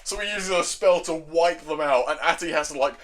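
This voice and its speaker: A man's voice: on the high side, a little fast, slight background noise. A man casually recapping a story in an enthusiastic, rambling way, with lots of filler words. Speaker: manga recap video host.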